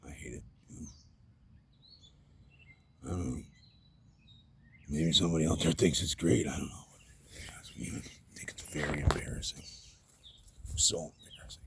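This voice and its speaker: A man's voice: a bass voice, normal speed, vocal fry, pauses often, fairly bright tone. A man talking in a rambling, self-deprecating vlog monologue, often dropping to a whisper, recorded outdoors at night.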